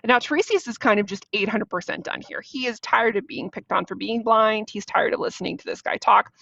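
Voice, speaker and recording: Woman teacher walking through a play, casual and slangy, gravelly tone, dry dull recording. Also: fairly high pitch, fairly quick, a bit bright, no echo. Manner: casual, slangy, chatty asides. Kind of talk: explaining a play while reading it aloud.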